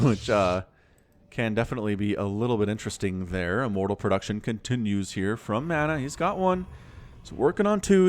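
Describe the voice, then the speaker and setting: A man giving lively solo play-by-play commentary on a strategy game match, quick and playful, with laughs and sound effects. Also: medium pitch, a little hiss or hum. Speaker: game caster.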